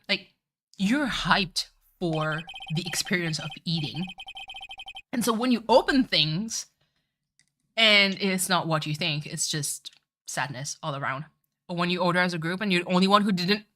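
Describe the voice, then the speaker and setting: A woman's voice: fairly low pitch, a little slow, pauses often, pushed and bright. A woman streamer chatting casually while playing a game, talkative, swearing and saying "like" a lot. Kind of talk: casual live-stream chat.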